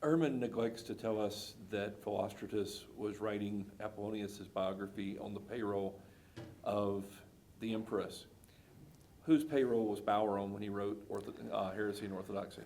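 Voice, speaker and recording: A man's voice: fairly low pitch, fairly even intonation, moderate pace, a little mellow, slight background noise. A man, a pastor interviewing a guest, asking pointed, leading questions.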